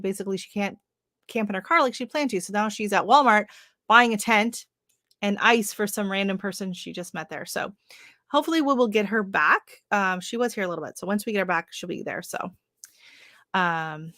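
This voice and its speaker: A woman's voice: medium pitch, fairly bright tone, no room sound, clean studio sound. A woman hosting a live stream, chatting casually with viewers, greeting them by name and rambling with lots of fillers. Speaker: livestream host. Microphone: livestream setup.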